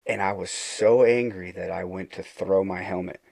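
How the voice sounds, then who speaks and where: A man's voice: fairly even intonation, normal speed, a little mellow, dry recording. A middle-aged man telling a personal story in a casual, earnest way, acting out the dialogue and often restarting his phrases. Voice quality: low gravelly voice.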